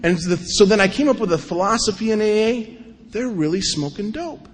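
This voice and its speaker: Man from North Dakota, recovery speaker, high voice, lively storyteller, recorded in a reverberant hall. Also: brisk, a little hiss or hum. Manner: animated storytelling, acts out quotes in mocking voices. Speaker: AA speaker sharing his story. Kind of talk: recovery talk to an audience. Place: event hall, on stage.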